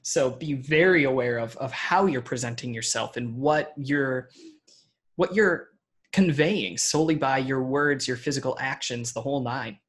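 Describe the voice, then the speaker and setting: A man's voice: mid-range voice, normal speed. Male interview host, curious and affirming. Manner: curious, affirming, summarizes the guest. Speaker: podcast host. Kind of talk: conversational interview.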